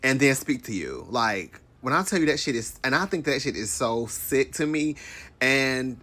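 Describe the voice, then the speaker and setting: A man's voice: medium pitch, expressive, moderate pace, sharp tone. A man delivering a slangy, emphatic rant with casual cursing.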